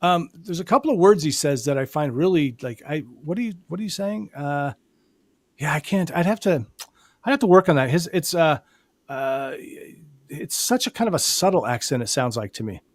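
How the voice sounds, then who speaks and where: A man's voice: a little high, expressive, moderate pace, no room sound. A man hosting a live hypnosis show, chatting casually and rambling with frequent restarts. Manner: rambling, many restarts and fillers. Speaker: hypnotist host.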